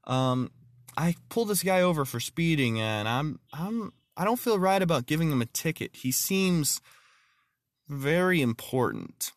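A man's voice: a little high, animated, a little slow, no room sound, clean studio sound, pitched above the performer's own voice. Man doing a nervous young cop. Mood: uneasy. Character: nervous young male police officer.

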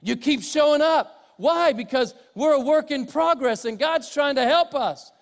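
Older male pastor, high voice, sermon delivery that shifts between loud preaching and soft asides. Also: measured pace, vocal fry. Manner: swings from loud preaching to quiet, conversational asides. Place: church sanctuary with congregation. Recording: long hall reverb.

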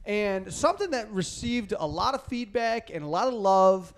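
A young man co-hosting a comedy podcast in a relaxed, laughing way. His voice is high for a man and moves a lot in pitch. He keeps the banter loose and friendly. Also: moderate pace. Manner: laughing, easygoing. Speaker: podcast co-host.

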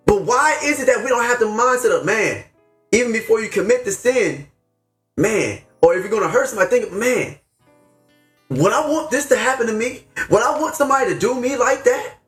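A man's voice: extremely high pitch, animated, fairly quick, fairly bright tone, roomy sound, faint music behind. A man hosting a faith podcast, talking with fervent, slangy preachiness, upset and near tears. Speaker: podcast host. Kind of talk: impassioned faith talk.

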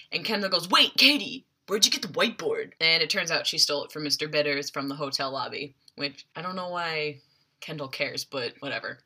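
A woman retells a TV episode in a chatty, casual way, with quick asides between scenes. Her voice sits a bit low but sounds very bright and sharp. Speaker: show recap host.

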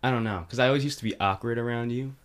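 A man's voice: mid-range voice, racing. A young man telling a long, rambling story in casual chat, filling his talk with "like". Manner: animated, rambling, lots of "like".

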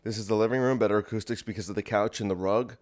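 A man's voice: fairly low pitch, steady tone, fast talker, a little mellow. A man hosting his own solo podcast from his bedroom at home, chatting in a restless, jokey way that keeps getting sidetracked. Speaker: podcast host. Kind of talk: rambling solo podcast chat.

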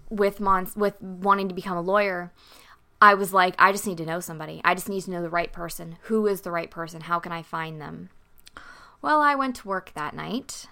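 A woman's voice: mid-range voice, sharp tone, smooth. A woman vlogger telling a story and giving emphatic, motivational advice to dancers.

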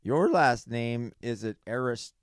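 A man's voice: mid-range voice, slow, smooth, no room sound, studio quality. A man co-hosting a podcast in casual chat, easygoing and joking, laughing often. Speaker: podcast co-host.

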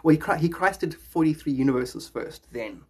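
Husky rambling podcast host, man, jokey and offbeat. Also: a little high, lively intonation, normal speed. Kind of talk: rambling casual talk.

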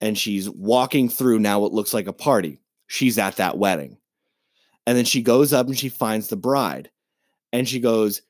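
A man in casual podcast chat, swearing freely as he recaps a film with plenty of animation. His voice sits at an ordinary middle pitch, and the recording is dry and close. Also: moderate pace, no echo. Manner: profane, animated movie rant. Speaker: podcast co-host.

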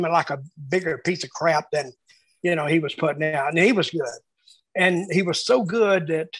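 A man reminiscing casually about his years booking shows, telling lively anecdotes and acting out the quotes. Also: high voice, slightly rough, no echo, rough recording. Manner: animated storyteller acting out quotes. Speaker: wrestling booker telling stories.

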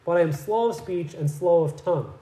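A man's voice: fairly high pitch, fairly quick, warm tone, reverberant, close to an everyday voice, low-quality recording. A man voicing Moses as a desperate grown man who pleads to be let off. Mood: solemn pleading. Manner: pleading, begging.

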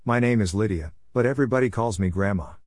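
A warm, practical grandmother figure welcomes her guests and sorts out breakfast, voiced by a male audiobook reader. The voice stays low and plainly read rather than acted. The sound is close and dry. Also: quick pace, no echo, natural voice. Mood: friendly. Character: kindly grandmother running a camp, practical. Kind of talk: scripted narration.

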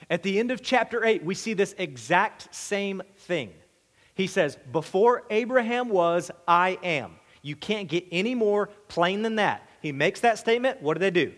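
Preacher, man, high-pitched, chatty sermon delivery with rhetorical questions, reverberant hall. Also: animated, normal speed. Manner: conversational, asks rhetorical questions, repeats and restarts words; voices the crowd's demand in a higher, louder tone. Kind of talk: expository sermon.

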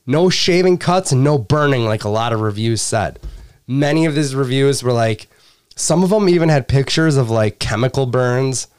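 Lively man reading reviews, laughing. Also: medium pitch, moderate pace, clean tone. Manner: laughs often while reading, crude humor. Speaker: podcast host. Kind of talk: casual chat, reading reviews aloud.

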